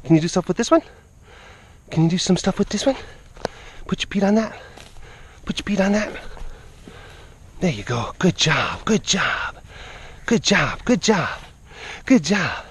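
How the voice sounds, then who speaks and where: A man working as a big cat keeper, talking casually to camera and coaxing animals in a playful voice that repeats phrases and sometimes drops to a hush. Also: high-pitched, expressive, a little slow, long pauses, husky.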